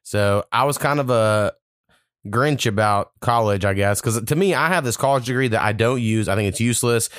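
Low-voiced rambling man. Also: moderate pace, fairly bright tone, no echo, studio quality. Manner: rambling, profane storytelling. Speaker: podcast host. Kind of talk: casual podcast chat.

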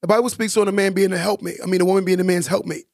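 A man's voice: high voice, steady tone, very fast, creaky, a little mellow, no room sound, studio quality. A man co-hosting a casual podcast, talking emphatically and preachily, repeating points for stress. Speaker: podcast co-host.

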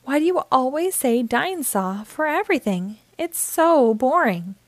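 A woman voicing an excitable little girl piglet in a storybook, with a high, eager, pleading voice. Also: fairly quick, dry recording. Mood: exasperated.

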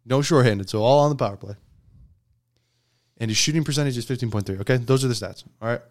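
A man's voice: mid-range voice, quick pace. A man hosting a laid-back sports podcast, with a voice sitting right in the middle of the male range. He argues his picks, rattling off stats and checking in with "okay?" as he goes. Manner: argumentative, reads out stats with frequent "okay?" check-ins. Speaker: podcast host. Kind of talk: casual sports debate chat.

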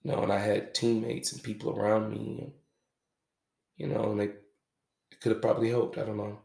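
Male podcast host, deep and very gravelly, halting and reflective, echoey room. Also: monotone, dark tone. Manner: halting, reflective, casual with swearing. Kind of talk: confessional podcast monologue.

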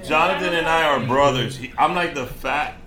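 A man's voice: a little high, moderate pace, echoey room, loud music behind the voice. A man hosting a podcast in casual chat, joking and teasing his guest. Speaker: host.

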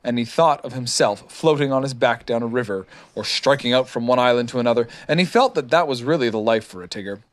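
A man reading a storybook aloud to a child, lively and expressive. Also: medium pitch, fast talker, hardly any pauses. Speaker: reader.

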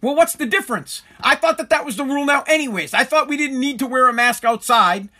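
A man's voice: very high voice, fast, pushed and bright. A middle-aged man, hosting a casual comedic monologue, rambling and self-mocking with frequent swearing. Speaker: radio show host.

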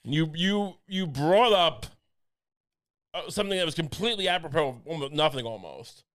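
Guy cohosting a podcast, kinda high voice, rambly and jokey, lots of restarts and crude jokes. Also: expressive, normal speed, fairly bright tone. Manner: joking, rambling with frequent restarts and crude asides. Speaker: podcast co-host. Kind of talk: casual chat.

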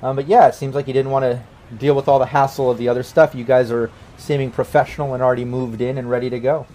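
A man's voice: medium pitch, level tone, fast talker, mellow. A man narrating a tabletop game as game master in a casual, rambling way.

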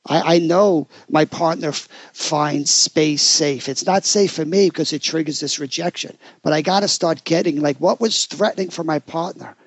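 A male therapist talks through a podcast conversation in a soft, reflective manner. His voice sits slightly high for a man. It is recorded close and dry, with no room sound. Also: normal speed, hardly any pauses, breathy edge, no echo.

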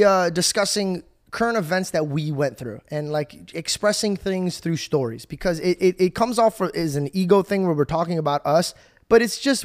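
A man hosting a podcast, telling a story in a casual, animated way, laughing often and acting out scenes. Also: fairly high pitch. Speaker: podcast host.

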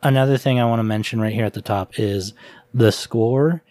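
A man's voice: mid-range voice, normal speed, a little mellow. A man chatting casually about a film on a podcast, laid-back and jokey, with casual swearing. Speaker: podcast co-host.

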